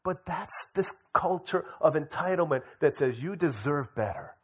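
A young adult man who is a pastor, preaching a sermon in a lively way and acting out quoted voices. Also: a little high, moderate pace, slightly rough. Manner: animated, acts out quoted voices.

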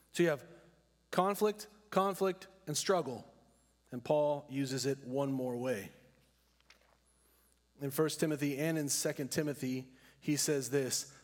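A male pastor preaches earnestly and deliberately in a slightly high voice, slowing down to stress the key words he wants to land. His sermon echoes with the long reverb of a church hall.

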